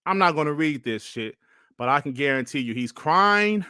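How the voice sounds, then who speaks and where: A man hosting a gaming podcast, ranting in an exasperated, animated way on a livestream, repeating himself and sighing between phrases. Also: fairly high pitch, moderate pace, dry recording, clean studio sound. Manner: sighs and coughs between phrases. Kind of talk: livestream commentary and rant.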